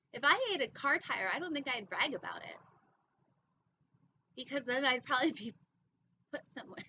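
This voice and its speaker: A woman's voice: high-pitched, pushed and bright. A young woman hosting storytime, reading a children's picture book aloud with playful, chatty asides. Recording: dull lo-fi sound with faint noise.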